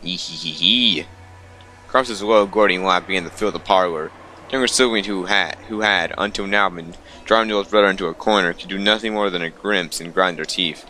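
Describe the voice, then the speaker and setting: A man's voice: sits low, fairly quick, bright, forceful tone, soft background music. A young man reading a visual novel aloud, stumbling over lines and breaking off for wry asides. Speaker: let's player.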